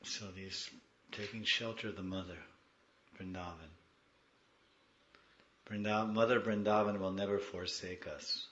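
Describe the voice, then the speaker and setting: A man giving a devotional class, moving between soft storytelling and loud, pleading prayers. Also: deep voice, fairly even intonation, a little slow, long pauses, echoey room, highs cut off.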